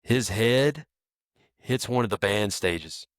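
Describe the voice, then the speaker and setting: A man's voice: fairly low pitch, expressive, takes it slowly, no echo, clean studio sound. A man co-hosting a podcast, telling a story in a laid-back way with lots of "like". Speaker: podcast co-host. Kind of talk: casual chat.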